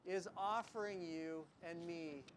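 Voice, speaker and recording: A male pastor preaching a sermon, reading scripture slowly and with emphasis, then adding quick conversational asides to the congregation. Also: fairly high pitch, steady tone, slight background noise.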